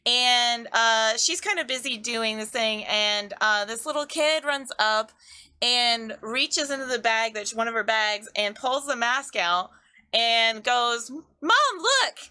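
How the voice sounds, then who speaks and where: Bright, animated woman narrating. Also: fairly high pitch, slow pace, smooth. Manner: rambling, animated, lots of fillers. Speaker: game master. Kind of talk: narrating a tabletop game.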